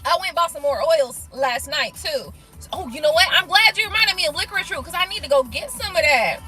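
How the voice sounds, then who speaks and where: A woman hosting a casual tarot live stream, reading viewer comments and talking bluntly with lots of swearing and quick laughs. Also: high voice, over music, low-quality recording. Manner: blunt, profane, animated, laughs things off.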